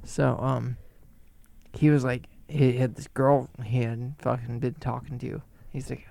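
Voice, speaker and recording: A man's voice: medium pitch, little pitch movement, measured pace, creaky, warm tone. A man chatting casually and chiming in with short remarks. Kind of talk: casual chat.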